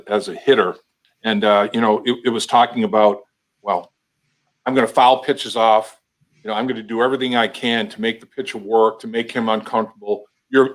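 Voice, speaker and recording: Folksy enthusiastic man hosting. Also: on the low side. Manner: enthusiastic, folksy, stammering repeats. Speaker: interview show host. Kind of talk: casual sports interview.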